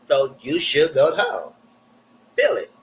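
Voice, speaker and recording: Animated man recapping reality TV. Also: mid-range voice, takes it slowly, slight background noise, low-quality recording. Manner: animated, exaggerated re-enactments of cast reactions. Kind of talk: live casual commentary.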